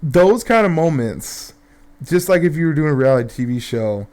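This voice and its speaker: A man's voice: fairly high pitch, expressive, moderate pace, a little mellow. A young man telling a rambling, profane story in casual gameplay commentary, full of fillers and restarts.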